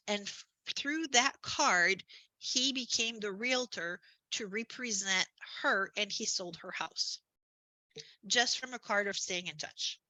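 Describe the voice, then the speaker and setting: A woman giving a conversational marketing presentation as a business coach, upbeat and chatty, with asides and quick self-corrections. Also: fairly high pitch, pushed and bright, no echo, low-quality recording.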